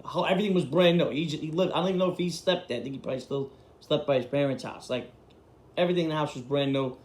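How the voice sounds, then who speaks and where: A man's voice: fairly high pitch, racing. Blunt profane New man telling stories. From Queens, New York. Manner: blunt, profane street talk. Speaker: storyteller host. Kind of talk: casual storytelling. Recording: roomy echo.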